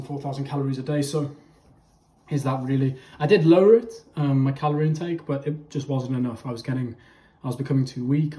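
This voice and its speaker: A man's voice: mid-range voice, warm tone. A young man giving a chatty fitness vlog, talking straight to his viewers and tagging lines with okay. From England. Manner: chatty, addresses viewers as boys, frequent okay. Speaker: fitness vlogger. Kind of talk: casual vlog to camera. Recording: echoey room.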